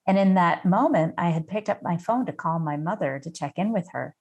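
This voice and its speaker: A middle-aged woman from the United States tells a personal story as a podcast guest. Her voice sits a little low, and she talks in an unhurried, reflective way with the odd "um". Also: lively intonation, slightly rough. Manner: warm personal storytelling with fillers. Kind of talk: storytelling in an interview.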